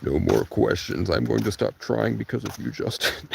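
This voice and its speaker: A man's voice: fairly low pitch, moderate pace, vocal fry, slight background noise. A man rambling on a casual livestream from a tent outdoors in cold rain, talking to his chat and swearing freely. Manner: rambling, swearing, talks to chat, bursts into song and sudden shouts.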